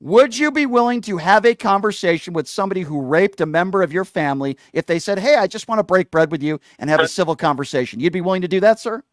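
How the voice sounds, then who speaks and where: A man's voice: high-pitched, animated, fast, hardly any pauses, no echo. A middle-aged man hosting a radio call-in show, combative and insulting, hammering the caller with the same question. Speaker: radio talk show host. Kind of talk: heated call-in argument.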